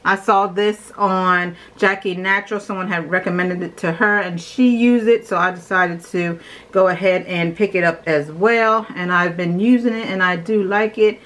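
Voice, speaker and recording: Chatty woman vlogger, slightly low voice. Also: fairly even intonation, normal speed, a bit bright, rough recording. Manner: chatty, enthusiastic, talks while doing the steps. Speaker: beauty vlogger. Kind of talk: casual skincare routine demo.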